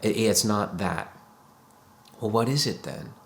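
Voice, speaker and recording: A man's voice: fairly low pitch, slow, creaky, fairly bright tone, echoey room, a little hiss or hum. A man, a psychotherapist, explaining emotions in a reflective, coaxing way, often voicing the questions a listener might ask themselves. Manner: reflective, coaxing, voices imagined inner questions. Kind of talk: educational talk to camera.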